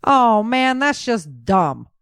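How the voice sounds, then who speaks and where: A woman's voice: on the high side, sing-song, slow, fairly bright tone, smooth, no room sound, clean studio sound, pitched above the performer's own voice, exaggerated voice. A woman voicing a male soldier who teases and prods his friends. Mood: teasing. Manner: teasing, prodding. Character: teasing male soldier buddy.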